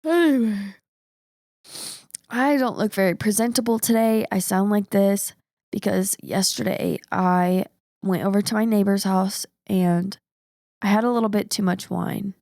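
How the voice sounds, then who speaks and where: A woman co-hosting a podcast, chatting casually in a rough, sick voice and rambling with frequent laughs. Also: medium pitch, fairly even intonation, unhurried, darkish tone, no echo, studio quality. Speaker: podcast co-host. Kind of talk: casual chat.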